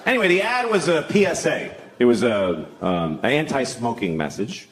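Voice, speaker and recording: A man's voice: mid-range voice, sing-song, normal speed. A middle-aged man doing crude, mocking stand-up comedy and acting out other people's voices. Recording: live show with crowd laughter.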